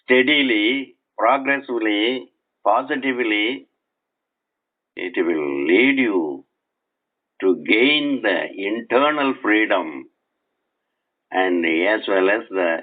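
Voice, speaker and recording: A man giving a spiritual lecture while lying in bed, speaking slowly and deliberately and repeating and spelling out words, recorded on a cell phone resting on his chest. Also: on the low side, lively intonation, narrow, tinny audio. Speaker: spiritual teacher. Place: bedroom at night.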